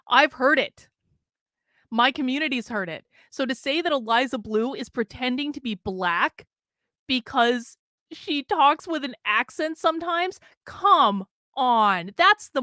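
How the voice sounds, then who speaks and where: A woman's voice: high voice, bright, forceful tone, no room sound. A middle-aged woman from New England giving a heated, blunt commentary rant, swearing freely and hammering her points. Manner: blunt, profane, emphatic. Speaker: political commentator.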